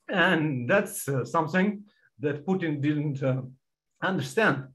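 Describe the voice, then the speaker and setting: A man speaks on an academic panel over a video call. His voice sits a little high for a man. He talks earnestly and haltingly, restarting phrases and struggling to stay composed. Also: lively intonation, fairly bright tone, low-quality recording. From Ukraine. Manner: earnest, halting, many restarts, openly moved.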